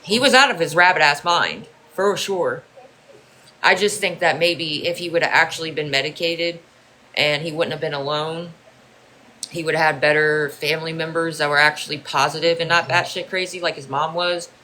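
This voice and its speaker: Man, livestream host, casual chat, blunt, profane, bright sharp tone. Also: on the high side, moderate pace, a little hiss or hum, low-quality recording. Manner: blunt and profane, with loose fillers.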